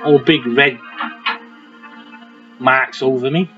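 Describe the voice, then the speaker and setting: A man's voice: medium pitch, steady tone, slow pace. A man giving crude, joking let's play commentary and talking to the game's character. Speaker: gaming commentator. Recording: dull lo-fi mic with game music. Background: game music.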